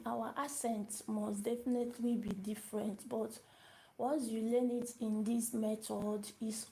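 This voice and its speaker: A woman's voice: on the high side, gravelly, warm tone, rough recording. A woman teaching a beginner lesson on a live stream, repeating each word and asking her viewers questions as she goes. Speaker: language teacher.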